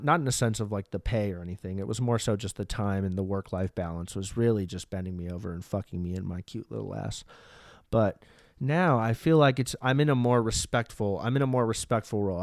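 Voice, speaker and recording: A man's voice: on the low side, darkish tone, dry recording, studio quality. A man hosting a podcast, talking through a casual comedic monologue in a rambling, profane way, with frequent restarts, into a microphone. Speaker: podcast host. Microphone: studio microphone.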